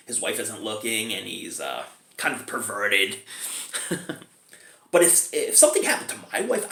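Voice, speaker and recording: A man gives a relaxed, chatty film review, chuckling between comments, his pitch rising and falling with lively inflection. He seems to be in a large, echoing room.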